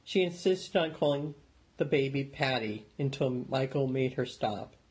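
A man narrating an audiobook in a steady, measured storytelling manner. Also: medium pitch, slightly rough, rough recording.

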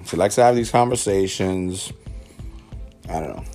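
Joking low-voiced host, music faint behind. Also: male voice, normal speed, warm tone. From South Bronx, New York. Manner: joking, self-mocking, rambling. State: talking with mouth full of potato. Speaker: podcast host, father. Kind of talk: casual podcast chat.

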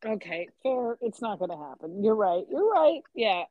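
A young adult woman co-hosting a casual book chat, agreeable and quick to laugh. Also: medium pitch, no room sound, highs cut off. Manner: animated, agreeable, laughs easily. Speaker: podcast co-host.

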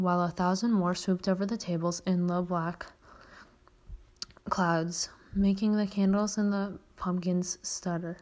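Woman podcast host, mid-range voice, unpolished read-aloud of a children's book. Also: mid-range voice. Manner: occasional stumbles and self-corrections. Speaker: podcast host reading a story. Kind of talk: reading a children's novel aloud.

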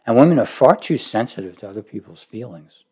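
A man delivering a sermon in a mid-pitched voice. He presses his points with sudden forceful rises, then drops to quiet, low asides. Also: animated, fairly quick, husky. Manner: emphatic, rising to forceful peaks then dropping low. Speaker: preacher.

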